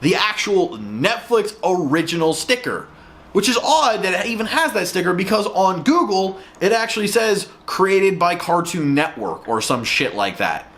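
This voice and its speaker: Male reviewer, slightly high voice, lively swings, profane exasperated rant. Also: normal speed. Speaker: show reviewer. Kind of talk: ranting review vlog.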